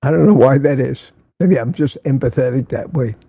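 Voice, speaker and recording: A man's voice: medium pitch, normal speed, gravelly, mellow, breathy edge, no room sound, studio quality. An older man hosting a casual morning livestream, greeting viewers by name and reading the chat aloud. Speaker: livestream host.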